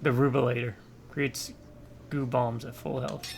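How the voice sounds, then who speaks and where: A man's voice: mid-range voice, little pitch movement, measured pace, vocal fry, a little hiss or hum. A man hosting a co-op gaming stream, chatting casually and rambling into jokey asides about old games. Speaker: co-op gaming channel host. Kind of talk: casual gameplay chat.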